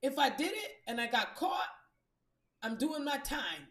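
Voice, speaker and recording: A woman's voice: high voice, sing-song, unhurried, fairly bright tone. A woman telling a story in a blunt, profane and emphatic monologue as a podcast host. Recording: echoey room.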